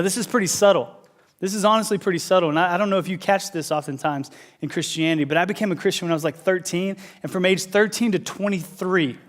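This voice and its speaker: A man in his thirties preaching a sermon as pastor, telling animated, conversational stories. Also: a little high.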